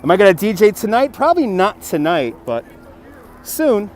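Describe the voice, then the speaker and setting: A man's voice: high voice, sing-song, normal speed. A man from Brooklyn, chatting casually on a livestream outdoors by a city river, reading viewers' messages aloud and thanking donors, on a phone on a gimbal. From Brooklyn, New York. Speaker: livestream host.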